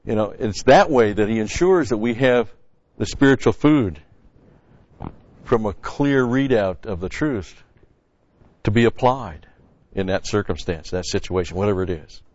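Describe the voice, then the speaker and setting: A man's voice: lowish voice, lively intonation, unhurried, long pauses, a little mellow, no room sound. A man preaching a sermon-style Bible teaching in a conversational, folksy way, repeating key phrases. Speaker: pastor. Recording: dry, dull lo-fi sound.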